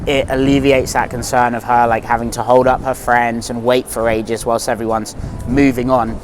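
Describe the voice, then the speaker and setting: A man from London coaching viewers in a relaxed voice-over, explaining step by step. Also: mid-range voice, a little fast, slight background noise. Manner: relaxed, explanatory, slightly rambling. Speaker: dating coach. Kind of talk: instructional voice-over.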